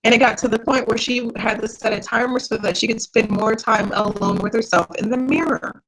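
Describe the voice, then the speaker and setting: Husky-voiced woman coaching a workshop. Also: on the high side, steady tone, fairly quick, a bit bright, rough recording. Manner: encouraging, direct, speaks to viewers as sweetheart. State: tired, yawning. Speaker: mindset coach. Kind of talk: live workshop teaching.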